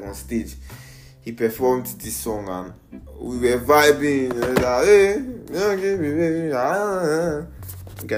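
A young man with a Nigerian accent hosting a casual solo podcast, playful and rambling, mixing in pidgin slang, recorded on an iPad. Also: mid-range voice. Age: young adult. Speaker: podcast host.

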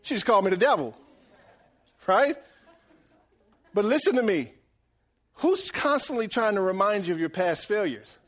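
Man, middle-aged, pastor, sermon, high-pitched, animated, joking. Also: normal speed, pauses often. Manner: animated and joking, swings from loud to hushed.

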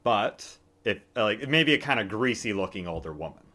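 A man in his twenties from the United States rambles and jokes his way through a casual podcast chat. His voice sits low but sounds bright and forceful. It swings widely up and down. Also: lively intonation, normal speed. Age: 20s. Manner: joking, rambling with fillers. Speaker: podcast co-host.

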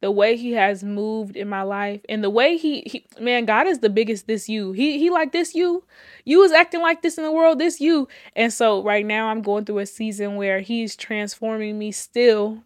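A woman's voice: mid-range voice, no echo, clean studio sound. A woman telling her personal faith testimony with fervor, repeating phrases, laughing between lines and holding back tears. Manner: casual, addresses listeners as y'all.

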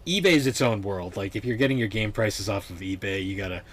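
A man's voice: fairly low pitch, fast talker, crowd noise. A young man hosting a podcast in laid-back, rambling casual chat. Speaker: podcast host.

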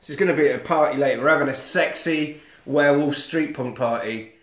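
A man's voice: fairly high pitch, a little fast, a bit bright, close to an everyday voice. A man putting on the voice of a shady French man answering a door. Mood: offhand. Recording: roomy echo.

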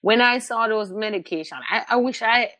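A middle-aged woman, a guest telling personal stories in an interview, animated and repeating words as she restarts sentences. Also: on the high side, normal speed. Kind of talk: candid conversational interview.

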